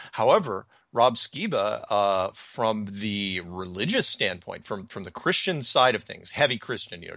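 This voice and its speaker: Rambling male podcast host, bright voice. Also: fairly low pitch, no echo, clean studio sound. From Washington state, United States. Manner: rambling, halting, many restarts. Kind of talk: casual podcast chat.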